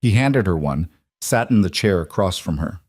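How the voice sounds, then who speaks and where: Male narrator, measured story read, low voice, dry close mic. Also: animated, a little mellow, no echo.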